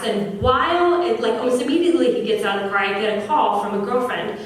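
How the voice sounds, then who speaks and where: A woman founder giving an earnest, animated storytelling speech at an opening event. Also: on the high side, fast, hardly any pauses. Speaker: business founder. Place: large echoey venue at an opening event. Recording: echoey room from far off, faint noise.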